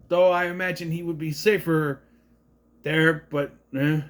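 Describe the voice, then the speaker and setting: A man in his thirties giving a rambling, sarcastic review of an animated film in a casual monologue. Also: on the high side, measured pace. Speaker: movie reviewer.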